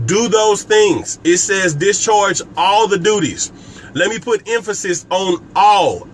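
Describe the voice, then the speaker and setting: Over a slight hiss or hum, a man with a high, somewhat bright voice runs a live stream mixing business motivation and scripture. As a network marketing coach, he addresses viewers by name and hammers home key phrases with emphasis.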